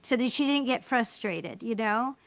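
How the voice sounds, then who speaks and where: A middle-aged woman speaking as an interview guest, telling personal stories in an animated way and acting out the voices of people she quotes. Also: on the high side, normal speed, dry recording. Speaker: guest, filmmaker. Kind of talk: casual interview conversation.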